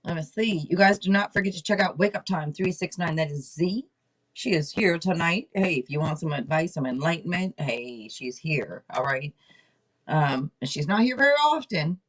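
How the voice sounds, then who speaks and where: A woman in her forties hosting a live tarot stream in loose, casual chat. She talks loud and blunt, teases her viewers and swears freely, clearing an irritated throat now and then. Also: low-pitched, lively intonation, moderate pace.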